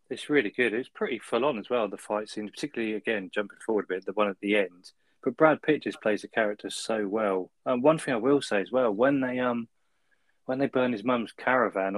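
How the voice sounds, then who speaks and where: A man's voice: fairly low pitch, no echo, low-quality recording. A man co-hosting a film review podcast, easygoing and chuckling, ending points with tag questions. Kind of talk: casual chat.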